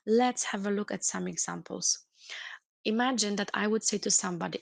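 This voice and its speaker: A woman's voice: medium pitch, fairly quick, gravelly, no echo. A woman trainer giving a webinar lecture, explaining earnestly and reworking her sentences with "let's say" and "like" as she goes. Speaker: corporate trainer.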